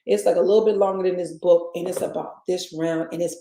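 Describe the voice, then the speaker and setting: A Southern US woman hosts a casual chat show, rambling through asides and talking directly to her listeners as "y'all." Her voice sits on the low side with a dark tone and vocal fry, and she talks fast with fairly even intonation. The echoey room adds a little hiss or hum.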